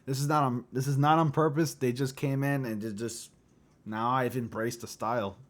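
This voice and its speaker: A man's voice: medium pitch, fairly even intonation, moderate pace. Laughing man in his late twenties. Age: late 20s. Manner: laughs often, rambling and facetious. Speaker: livestream host. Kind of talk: casual chat with viewers.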